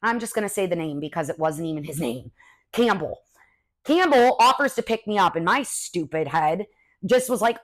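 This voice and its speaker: A young adult woman hosting a podcast, telling personal stories in a casual, animated way with lots of "like" fillers. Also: low-pitched, brisk. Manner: chatty, animated, many "like" fillers. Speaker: podcast host. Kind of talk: casual storytelling chat.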